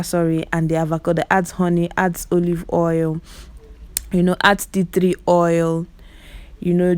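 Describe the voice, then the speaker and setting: A woman's voice: fairly low pitch, mellow, dry recording. A woman with a Nigerian Igbo accent giving chatty voice-over commentary on clips, exclaiming often and talking straight to her viewers. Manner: repeats words for emphasis. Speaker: vlogger.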